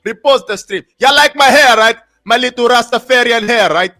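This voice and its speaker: A man hosting a casual live stream, talking in an excitable, repetitive, slangy hype style. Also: very high voice, moderate pace, soft background music. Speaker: livestream host.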